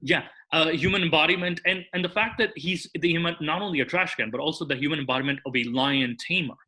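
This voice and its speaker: A man's voice: fairly high pitch, quick pace, bright, forceful tone. A man, a podcast guest, explaining at length in casual chat, restarting sentences and tacking "that is" onto his points. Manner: rambling, restarts, tags sentences with "that is".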